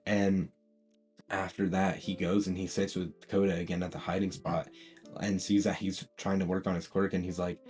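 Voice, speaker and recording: A man's voice: sits low, little pitch movement, moderate pace, darkish tone, faint music behind. A man telling a fan-made story in a casual, rambling way, full of fillers and restarts. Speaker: channel host.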